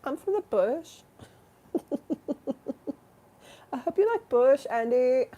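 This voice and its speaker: A woman putting on a squeaky brash flirt. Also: animated, slow pace, warm tone, highs cut off, exaggerated voice. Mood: teasing. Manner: teasing, bawdy. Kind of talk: improvised comedy bit on a livestream.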